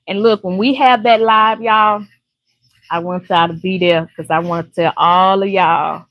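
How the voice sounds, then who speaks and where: A woman's voice: medium pitch, steady tone, moderate pace, no room sound, poor audio. An older woman from Louisiana, chatting casually and laughing often with viewers on a live stream. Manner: chatty, laughs often, warm folksy talk.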